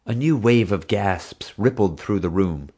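A man narrating an audiobook in an expressive, dramatic manner. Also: lowish voice, unhurried, slightly rough.

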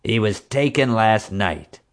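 Man playing a stern security chief woman, blunt and accusing, slow and deliberate, audiobook. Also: lowish voice, lively intonation, voice pushed up.

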